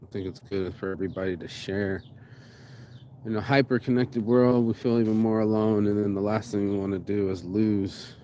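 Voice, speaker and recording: A man's voice: on the low side, fairly even intonation, moderate pace, warm tone. A man from Las Vegas talking to camera in a heartfelt, rambling motivational monologue, swinging between sighs and emphatic outbursts. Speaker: vlogger. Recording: noisy ambient background.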